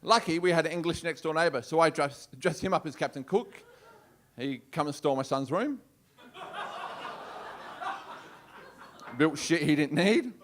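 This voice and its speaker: A man's voice: on the high side, fairly bright tone, a little hiss or hum. A man with an Australian accent doing a brash, swearing stand-up routine on a comedy club stage. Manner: brash, swearing, punchy delivery.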